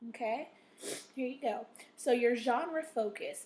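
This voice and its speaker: A woman teacher with a fairly high voice reads and explains a phonics lesson. Her voice is a little rough and she coughs now and then. She checks in constantly and stretches out the vocabulary words slowly. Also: darkish tone. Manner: checks in with "okay?" after nearly every sentence; slow, drawn-out stress on vocabulary words. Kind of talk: recorded reading lesson.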